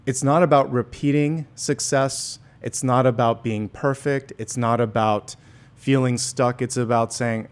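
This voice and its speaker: A man giving a collective tarot reading in a gentle, conversational way, often restarting his sentences. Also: medium pitch, fairly even intonation, a little slow, clear, resonant tone. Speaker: tarot reader. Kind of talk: casual spoken tarot reading.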